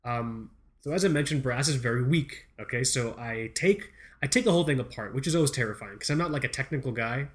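A man's voice: mid-range voice, animated, quick pace. An American man hosting a podcast, telling a rambling, profane, self-mocking comedic story. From United States. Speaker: podcast host.

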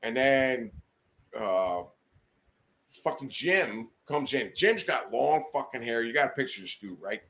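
A man of ordinary pitch spins a loose, profane story as a podcast guest. He swears constantly, trails off into restarts and laughs at his own tale. He is recorded in a studio. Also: animated, a little slow, a bit bright. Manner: swears often, rambling, laughs mid-story.

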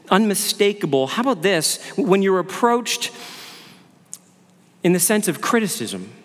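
Pastor type, male, slightly high voice, earnest sermon delivery full of rhetorical questions, church echo. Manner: earnest preaching with rhetorical questions and repeated words. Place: church sanctuary. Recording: long hall reverb.

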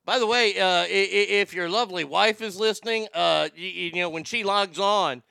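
Brash, bright-voiced radio host man. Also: high voice, brisk, vocal fry, smooth, no echo, clean studio sound. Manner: brash, profane, jokey, stammers and restarts. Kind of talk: casual morning show chat, reading listener messages.

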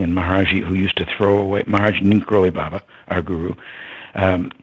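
An older man as an interview guest, telling a personal story in a reflective way, chuckling now and then and pausing on fillers. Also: low-pitched, a bit bright, breathy edge, low-quality recording.

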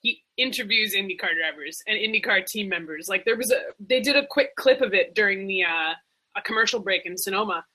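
A woman co-hosting a podcast in casual, animated chat, full of "like" and "um". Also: medium pitch, brisk, slightly rough, poor audio. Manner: chatty, animated, fond of "like" and "um". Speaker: podcast co-host.

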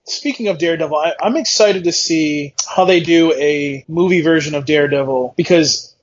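A man with a somewhat high voice chats eagerly on a casual podcast, swearing freely and retelling his own reactions. The recording is dull and lo-fi, with faint background noise. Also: moderate pace. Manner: enthusiastic, profane, quotes himself. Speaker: podcast co-host.

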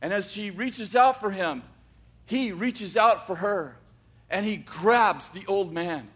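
Guy telling a story out loud, high-ish voice, slow with pauses and restarts. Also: slightly rough. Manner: unhurried, with dramatic pauses and restarts. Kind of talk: oral storytelling.

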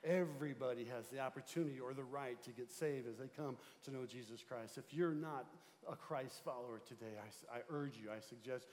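A male pastor delivering a sermon in a church, preaching emphatically and moving between loud calls and low, quiet passages. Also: fairly quick. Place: church sanctuary. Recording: long reverb of a large church hall.

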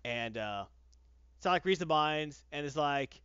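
A man's voice: fairly high pitch, lively intonation, a little slow, fairly bright tone, clean tone, dry recording. Sarcastic man ranting, dull lo-fi sound. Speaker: comic book reviewer. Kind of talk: casual podcast chat.

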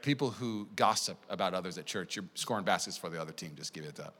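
A man preaching a sermon as pastor, conversational and energetic, telling stories to the congregation. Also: sits low, fast talker. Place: church sanctuary. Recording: long church hall reverb.

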